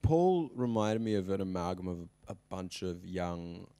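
A man's voice: low voice, very animated, measured pace, mellow, dry recording. A young man from Australia with an Australian accent, an actor speaking enthusiastically in an interview studio, often restarting his sentences. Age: young adult. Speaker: actor guest. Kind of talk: casual interview chat.

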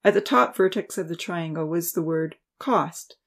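A woman narrating an audiobook in steady storytelling style. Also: lowish voice, moderate pace.

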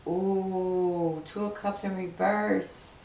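A woman's voice: medium pitch, little pitch movement, very slow, vocal fry, dark tone, recorded from a distance. A woman doing a casual tarot reading in an emphatic, sassy manner, repeating her points for effect. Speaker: tarot card reader. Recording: roomy, from afar, faint hiss.

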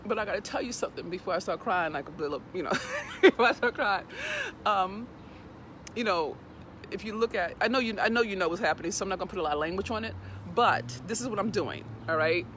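A woman's voice: lowish voice, fast talker, a bit bright, a little hiss or hum. An emotional woman hosting a casual talk while outdoors on a morning walk, earnest and heartfelt, repeating words as she collects herself, speaking into a handheld phone. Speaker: host. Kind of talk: casual direct-to-camera talk.

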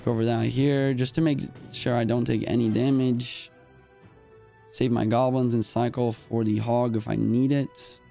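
A young man streaming a mobile game, calling out each move in quick play-by-play while a little short on sleep. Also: mid-range voice, level tone, creaky, warm tone, soft background music. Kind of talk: live gameplay commentary.

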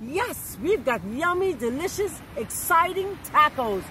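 A woman's voice: high voice, lively intonation, unhurried, background noise. A Bahamian woman hosting a cooking show from her kitchen, chatting in a bubbly, teasing way. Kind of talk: lively cooking show chat. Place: home kitchen.

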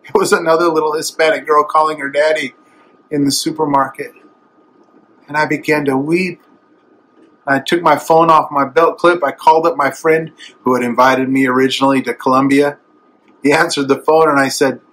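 A man's voice: on the high side, flat delivery, normal speed, a bit bright, poor audio. Tender, emotional preacher man. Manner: emotional, tender, swelling to emphatic. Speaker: evangelist. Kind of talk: sermon.

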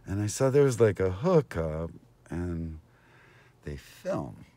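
A man's voice: low-pitched, sing-song, slow pace, warm tone, dry recording. A man hosting a casual, rambling vlog, meandering between talking to viewers and to people nearby. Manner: meandering, talks to viewers and passersby. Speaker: vlogger and host.

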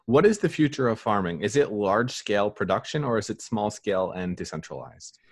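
Fast-talking deep-voiced male host. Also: lively intonation, slightly rough. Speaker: interview host. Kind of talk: interviewer questions.

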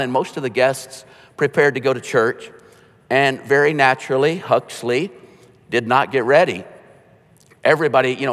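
Pastor preaching in a reverberant hall. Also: male voice, medium pitch. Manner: conversational, with joking asides and quiet emotional storytelling. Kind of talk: sermon.

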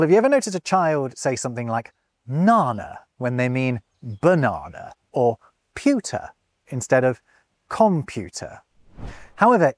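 A man's voice: medium pitch, no room sound. A man hosting a video and narrating a scripted explainer with enthusiasm, a young father speaking close to the mic. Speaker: host.

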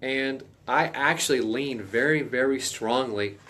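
A man teaching a casual Bible study in a folksy, emphatic way, now and then stressing phrases loudly. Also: medium pitch, unhurried, slight background noise.

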